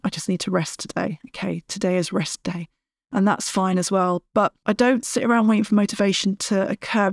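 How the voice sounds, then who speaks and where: A woman's voice: mid-range voice, darkish tone, no echo. A middle-aged woman hosts her own fitness podcast, coaching listeners in a blunt, emphatic, tough-love way. Her voice is close and completely dry, with no room around it. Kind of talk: solo podcast monologue.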